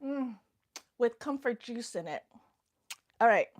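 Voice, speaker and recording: A woman's voice: fairly high pitch, animated, takes it slowly. A woman hosting a casual livestream, nervous and giggly, who whispers to herself between remarks. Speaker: livestream host. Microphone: phone mic.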